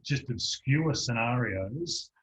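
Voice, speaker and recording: A man, a practitioner telling a lively anecdote as a guest in an online interview, acting out the voices of the people in it. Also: medium pitch, slow. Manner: animated storyteller, acts out voices in anecdotes. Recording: dull lo-fi online call audio.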